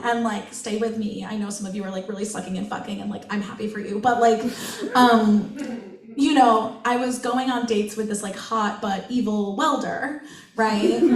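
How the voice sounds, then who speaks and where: A woman doing open mic stand-up, telling a rambling story with many fillers and frequent giggles. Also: on the high side. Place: bookstore event space. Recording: echoey room from far off, with crowd. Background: audience laughter.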